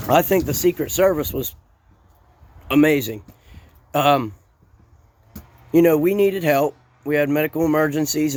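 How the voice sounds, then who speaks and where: A man's voice: a little high, darkish tone. A man from Ohio talking casually to camera, rambling and often repeating and restarting his words. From Ohio, USA. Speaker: political vlogger. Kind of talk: casual monologue recounting a rally day.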